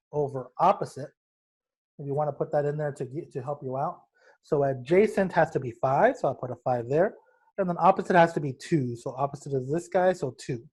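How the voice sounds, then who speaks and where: Young male math teacher, slightly high voice, relaxed joking classroom delivery. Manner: casual and joking, talks to students as guys. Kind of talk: recorded math lesson.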